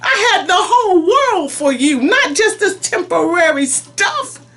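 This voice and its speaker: A woman preacher delivering a prophetic message spoken in God's voice, pleading and emphatic, shifting between soft and forceful. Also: very high voice, big pitch swings, measured pace.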